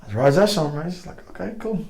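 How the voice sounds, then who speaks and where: Brief: middle-aged man with a raised voice and quick delivery, a salty guest spinning army stories with acted-out quotes. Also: fairly high pitch, creaky, poor audio. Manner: animated, profane, slangy, acts out quoted voices. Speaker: guest, former Green Beret. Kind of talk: casual storytelling chat.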